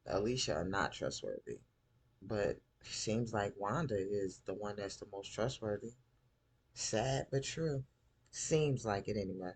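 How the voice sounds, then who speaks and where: Husky male recap host, animated, jumps up to play characters. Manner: animated, acts out characters' lines in raised pitch. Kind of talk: casual TV episode recap.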